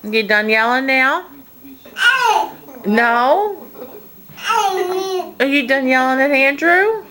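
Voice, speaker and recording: A woman's voice: high-pitched, animated, slow, long pauses, crowd noise, rough recording. A woman using playful, teasing baby talk toward a pet at home. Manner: playful teasing sing-song.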